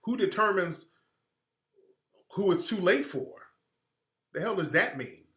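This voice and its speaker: Emphatic, bright-voiced man livestreaming. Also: high voice, big pitch swings, measured pace, roomy sound. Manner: emphatic, rhetorical, profane. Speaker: livestream host. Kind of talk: livestream monologue.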